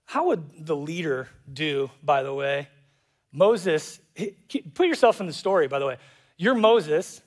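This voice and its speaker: A man preaching a sermon as pastor, animated and jokey, acting out voices in quotes. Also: on the high side, unhurried. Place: church auditorium.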